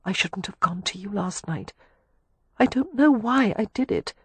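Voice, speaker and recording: A man's voice: high voice, animated, normal speed, a bit bright, breathy edge, dry recording, voice pushed up, full character voice. Timid flustered young woman, voiced by a man. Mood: shaken. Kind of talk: audiobook dialogue.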